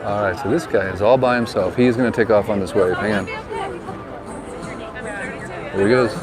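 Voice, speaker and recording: A man's voice: on the low side, normal speed, a crowd in the background, rough recording. A man chatting casually as he walks and films a seaside town, giving friendly tips like a tour guide. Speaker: vlogger and real estate agent. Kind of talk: casual walking vlog narration. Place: outdoors by a harbor and town street. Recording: outdoor street noise.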